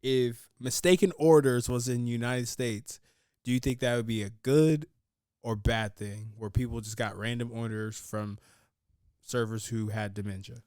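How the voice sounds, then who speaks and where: A man's voice: medium pitch, fairly even intonation, normal speed, a little mellow, no room sound, clean studio sound. A man hosting a podcast, joking, swearing and laughing in casual chat. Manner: joking and profane, laughs often. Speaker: podcast host.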